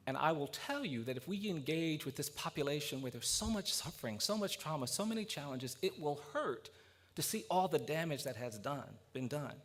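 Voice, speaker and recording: A man's voice: fairly high pitch, lively intonation, fairly quick. A man speaking at a policy roundtable, giving an earnest public speech with storytelling that builds to emphatic points.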